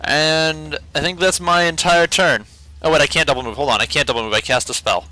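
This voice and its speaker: A man's voice: fairly high pitch, steady tone, brisk, bright, forceful tone, no room sound. A man playing a tabletop game, thinking aloud and second-guessing his moves. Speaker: player.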